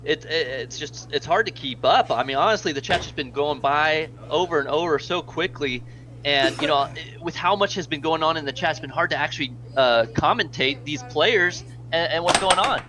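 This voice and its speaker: A man's voice: fairly high pitch, moderate pace, background noise. A man with an American accent doing live play-by-play air hockey commentary, nearly losing his voice, rambling and thanking donors. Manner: rambling, chatty, thanks donors between plays.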